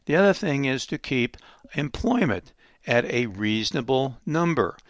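A man's voice: mid-range voice, very animated, normal speed, dry recording. A man hosting a program, giving an emphatic economic commentary monologue full of rhetorical questions. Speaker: radio program host.

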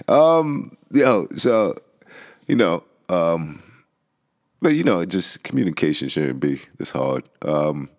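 A young man hosts a casual solo talk. He rambles and restarts often, laughs between thoughts, and swears freely. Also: sits low. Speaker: podcast host. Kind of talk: casual monologue.

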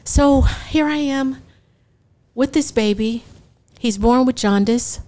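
A woman's voice: sits high, slow pace. A woman in her forties tells a personal testimony to an audience. She acts out the dialogue and often laughs between lines. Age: 40s. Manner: animated storytelling, acting out dialogue.

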